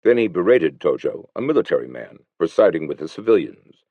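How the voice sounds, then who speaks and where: A man with a very deep voice reads an audiobook in measured scripted narration. His delivery is lively in pitch. The recording is dry and slightly dull. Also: no echo.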